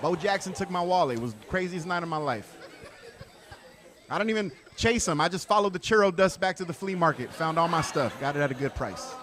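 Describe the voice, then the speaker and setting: A man doing a conversational stand-up routine with deadpan asides to the audience. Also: a little high, brisk, crowd noise, background noise. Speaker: stand-up comedian.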